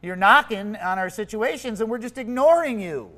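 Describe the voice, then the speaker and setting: A preacher with a mid-range voice speaks at a moderate pace in a conversational, animated sermon. He teaches what words mean, asks the listeners questions, and ranges from low-key asides to emphatic exclaims.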